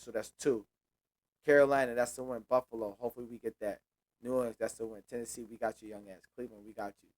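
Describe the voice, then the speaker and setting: A young man running his own sports show, going game by game in a loose, casual flow. He repeats himself, trash-talks teams and swears freely, with a voice of middling pitch. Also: no room sound. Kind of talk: casual solo sports predictions.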